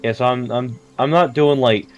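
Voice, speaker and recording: A man playing a tabletop game, talking casually and working out his moves aloud with hesitant fillers. His voice is mid-pitched, with faint music behind him. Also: fairly even intonation, normal speed. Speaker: player.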